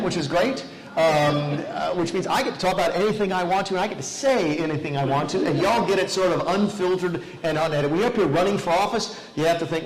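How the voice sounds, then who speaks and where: A man's voice: on the high side, low-quality recording. A man giving a folksy, self-deprecating rally speech full of anecdotes, recorded in a large venue. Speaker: political speaker.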